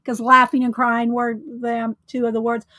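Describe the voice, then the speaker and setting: A woman's voice: on the high side, monotone, moderate pace, pushed and bright, no echo. A woman hosting a casual livestream, chatting, greeting viewers and laughing often. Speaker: livestream host.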